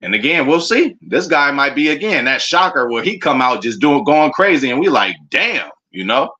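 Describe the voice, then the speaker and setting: A man streaming a casual, excitable reaction to his football team's draft picks, full of slang and talking straight to his chat. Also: mid-range voice, moderate pace, dull audio. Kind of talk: casual live reaction commentary.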